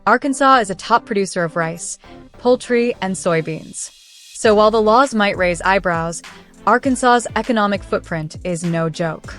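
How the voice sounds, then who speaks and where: A woman's voice: medium pitch, normal speed, a bit bright, faint music behind. Woman narrating a fact countdown. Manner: smooth, evenly paced read with no fillers. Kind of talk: scripted documentary-style narration.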